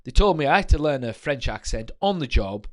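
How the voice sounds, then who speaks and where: A man's voice: mid-range voice, very animated, fairly quick. A man hosting a late-night football livestream in a casual tone, reading out notes and viewer comments and adding chatty asides. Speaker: livestream host.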